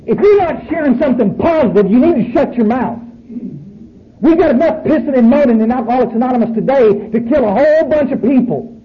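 A man's voice: extremely high pitch, lively intonation, brisk. A man, speaking bluntly and profanely to a room full of people at a recovery meeting. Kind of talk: speaking to an audience. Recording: muffled recording with faint noise.

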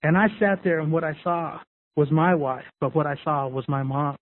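In a voice on the high side at a moderate pace, a man shares his recovery story openly with a group, circling back repetitively as he tells it. The audio has a thin, phone-like radio quality.

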